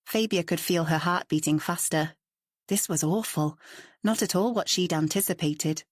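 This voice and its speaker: An audiobook is narrated by a woman whose voice is on the low side, in a calm, even storytelling delivery. There's no room sound, and the studio recording is clean.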